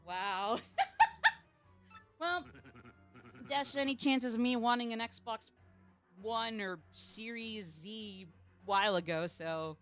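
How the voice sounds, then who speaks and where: Over faint background music, a woman chats through a casual gaming stream, chatty and quick to poke fun at herself. Her voice sits on the high side and a bit bright, and she takes it slowly with frequent pauses.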